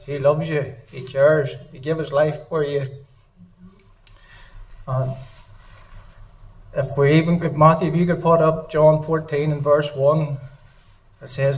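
A man's voice: fairly high pitch, level tone, measured pace, long pauses, distant mic, poor audio. A man giving an earnest, emotional sermon in a church service, often repeating his phrases. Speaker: lay preacher.

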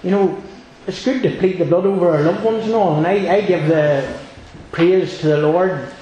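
Man, high voice, earnest rambling church testimony, heavy echo, meeting hall. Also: normal speed, mellow, lo-fi sound. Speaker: church member giving testimony. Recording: very echoey room.

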